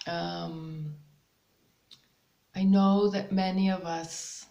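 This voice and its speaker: A woman hosts a spiritual guidance talk in an easygoing monologue, her voice pitched a little low with a gravelly edge. She speaks very slowly and hesitantly, filling the pauses with ums, and the room gives her voice a noticeable echo. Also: muffled recording. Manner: slow, hesitant, with many ums and soft laughs. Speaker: spiritual channel host.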